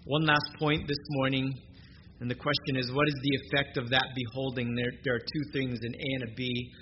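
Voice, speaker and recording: A man preaching a sermon as pastor, earnest, moving between soft, quiet stretches and emphatic rises. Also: medium pitch, flat delivery, fairly quick. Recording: dull lo-fi recording with noise.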